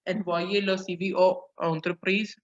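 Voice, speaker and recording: A man teaching a French lesson online, translating phrase by phrase and pausing on "uh"s as he explains. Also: high voice, flat delivery. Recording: dull lo-fi audio.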